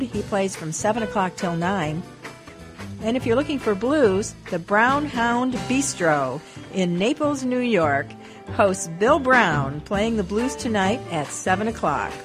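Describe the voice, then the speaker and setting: Woman, radio announcer, scripted listings, even clear reading, music bed underneath. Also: medium pitch. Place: radio studio.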